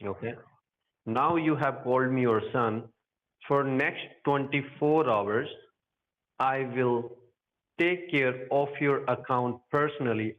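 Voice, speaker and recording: A man on a phone call, reassuring the caller and repeating "sir". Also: medium pitch. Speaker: phone scammer. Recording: dull phone line.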